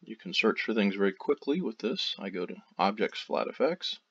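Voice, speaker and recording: A man with a low voice narrating a screen-recorded software tutorial. He walks through each step in a relaxed, loosely phrased way. The audio sounds dull and lo-fi, like a basic desk mic. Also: normal speed, husky.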